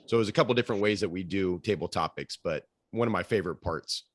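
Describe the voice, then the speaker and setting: A man's voice: low voice, quick pace. A man acting as general evaluator at a club meeting on a video call, friendly and explanatory.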